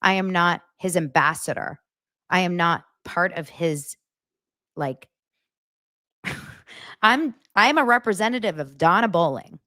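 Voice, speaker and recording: A woman hosting her own podcast, talking straight to her listeners in animated, casual commentary with lots of filler words. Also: on the low side, measured pace, pauses often, dry recording, studio quality. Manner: animated, talks directly to listeners, many "like" fillers. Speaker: podcast host.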